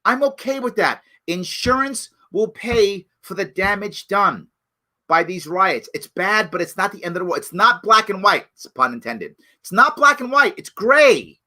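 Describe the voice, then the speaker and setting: Middle-aged guy ranting on his live show, pitch all over the place, bright edgy voice. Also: expressive, normal speed. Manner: emphatic and preachy, jumps from loud outrage to low hushed pleas. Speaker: host of a live talk show. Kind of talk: impassioned solo commentary.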